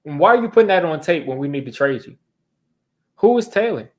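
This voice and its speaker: A man's voice: a little high, big pitch swings, brisk. A young man hosting a sports fan channel, ranting in exasperation during a live football reaction, repeating himself as he vents.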